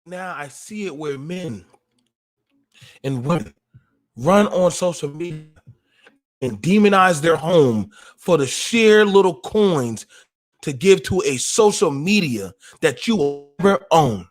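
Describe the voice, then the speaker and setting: A high-pitched man, speaking on a livestream. He lectures with deep emotion and a preacher's rhythm, pushing his voice up into shouts. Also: expressive, takes it slowly. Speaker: podcast host. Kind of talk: impassioned livestream monologue.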